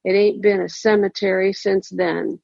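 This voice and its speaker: A woman's voice: medium pitch, little pitch movement, normal speed, creaky, darkish tone, husky, no echo, dull audio. A woman reading a snarling, foul-mouthed older landowner. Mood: hostile. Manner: coarse, snarling rural talk.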